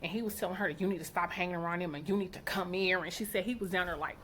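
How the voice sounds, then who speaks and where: A middle-aged woman, a mother, tells a story to her viewers, animated and outspoken, and slips into each person's voice as she quotes them. Her voice sits on the low side for a woman. A faint background noise runs under the recording. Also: very fast. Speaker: vlogger, mother.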